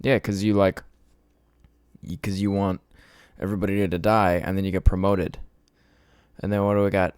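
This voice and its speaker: A man's voice: sits low, fairly even intonation, moderate pace, a little mellow, clean tone, dry recording, studio quality. A man hosting his podcast, ranting in a casual, profane, sarcastic and rambling way. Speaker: podcast host.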